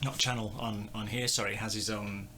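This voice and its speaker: A man hosts a casual music review, rambling and poking fun at himself. His voice sits a little low with a gravelly fry. The tone stays bright and forward. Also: little pitch movement, normal speed, a little hiss or hum. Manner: rambling, self-deprecating, chuckling. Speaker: host.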